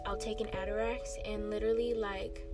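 A woman's voice: mid-range voice, brisk, over loud music. A young woman hosting a podcast, chatting casually with lots of swearing. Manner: profane, animated, swears a lot. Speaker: podcast host. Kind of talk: casual chat.

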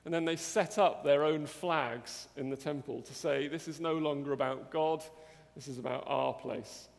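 A man's voice: on the high side, fairly even intonation, moderate pace, vocal fry. A man preaching a sermon in an earnest way, often asking his listeners questions like "isn't it?". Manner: earnest, with tag questions to the congregation. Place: church hall. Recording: long church-hall reverb.

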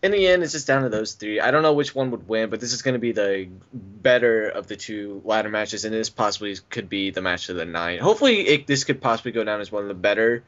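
A man's voice: lowish voice, lively intonation, fast talker, few pauses, fairly bright tone. Rambling man on a lo-fi call. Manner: rambling, restarts often, laughs easily. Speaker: podcast co-host. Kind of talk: casual wrestling prediction chat. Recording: dull lo-fi call audio.

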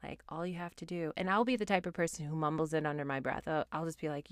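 A woman's voice: sits low, fairly quick, no echo, clean studio sound. Sassy, ranting woman podcast host. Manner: animated, sassy, exasperated ranting with frequent swearing. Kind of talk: solo opinion podcast, ranting and reality TV recap.

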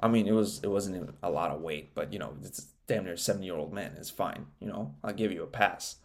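A man's voice: sits low, quick pace, creaky, darkish tone. Young man, podcast host, casual rant, crude jokes, mocking impressions. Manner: profane, joking, slips into mocking impressions.

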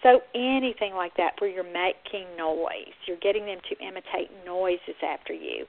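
A woman speech therapist and podcast host, explaining teaching methods in an upbeat, lively way and now and then acting out playful sound effects. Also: lowish voice. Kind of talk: instructional talk. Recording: band-limited, phone-like audio.

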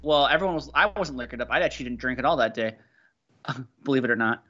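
A man's voice: mid-range voice, lively intonation, fast talker, pushed and bright, dull audio. A man co-hosting a casual soccer podcast, chatting and joking with friends. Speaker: podcast co-host. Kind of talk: casual chat.

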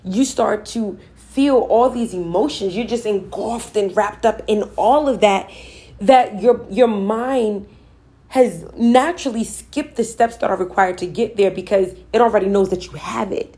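A woman's voice: medium pitch, measured pace, warm tone. Woman talking spirit and manifesting, earnest and emphatic, repeats herself, casual storytelling. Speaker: spiritual speaker. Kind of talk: personal storytelling about manifesting.

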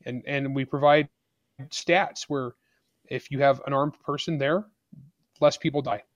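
A man's voice: mid-range voice, fairly even intonation, measured pace, no echo, dull audio. A man speaking as an author and guest on a podcast interview, arguing his points bluntly and with emphasis.

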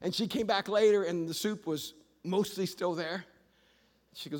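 High-voiced animated pastor in a hall. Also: male voice, normal speed. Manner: animated storyteller, rising to shouts. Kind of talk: sermon. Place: church auditorium. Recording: long reverb of a large hall.

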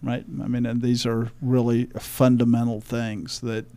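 A man's voice: medium pitch, monotone, a little slow, mellow, clean tone, no room sound. A man co-hosting a church podcast, speaking emphatically and quoting scripture in a preachy way. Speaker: podcast co-host. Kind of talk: religious discussion podcast.

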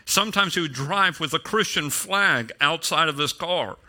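A man's voice: on the high side, normal speed, pushed and bright. A middle-aged male pastor preaching a sermon in a casual storytelling way, with self-deprecating humor.

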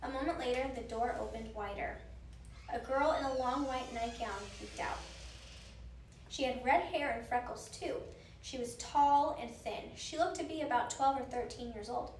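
A woman reading a children's book aloud in an expressive, animated way. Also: high-pitched, moderate pace. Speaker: storyteller. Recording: roomy, distant mic, faint noise.

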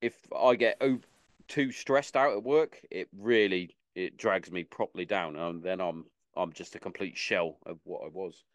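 Male podcast host, low voice, dry close sound, casual, stammery. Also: normal speed, no echo. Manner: casual, stammers and repeats words.

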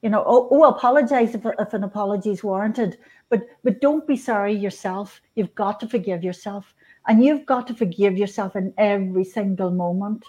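Mellow-voiced woman in her fifties. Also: mid-range voice, fairly quick. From Northern Ireland. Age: 50s. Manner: earnest, gentle, with frequent restarts and soft laughs. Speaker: guest, spiritual author. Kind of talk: conversational interview.

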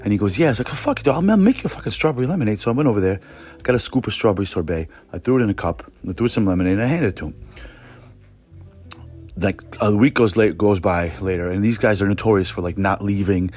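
A man's voice: lowish voice, fast talker, darkish tone, faint music behind. A man telling a rambling, profane story in a casual podcast monologue, full of restarts. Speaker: podcast host.

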